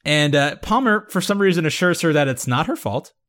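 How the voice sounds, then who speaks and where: A man's voice: a little high, expressive, brisk, a bit bright. A man hosting a casual chat show, recapping an episode with frequent laughs and filler words. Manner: chatty, laughing, lots of ums and likes. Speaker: podcast host.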